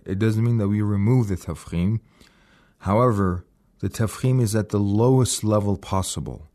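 A man teaching recitation on a radio program, explaining slowly and repeating words to demonstrate. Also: on the low side, darkish tone. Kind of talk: radio lesson.

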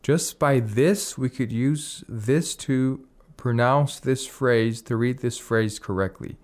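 A man's voice: medium pitch, slow pace, a little mellow. Man patiently teaching Quran recitation. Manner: patient, explanatory, recites Arabic phrases. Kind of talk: radio lesson on Quran recitation.

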